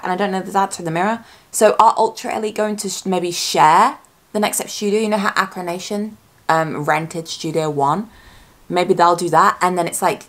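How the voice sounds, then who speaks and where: A woman talking casually as a YouTuber reacting to a trailer, chatty and excitable, thinking aloud and correcting herself as she goes. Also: on the low side. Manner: speculative fan talk, often self-correcting.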